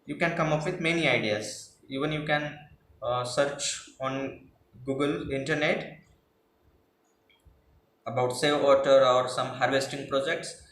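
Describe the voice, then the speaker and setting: A man's voice: mid-range voice, fairly even intonation, a little slow, a bit bright. Man teaching. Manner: patient, repeats and rephrases points. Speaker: English teacher. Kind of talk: explaining class projects. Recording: echoey room with faint noise.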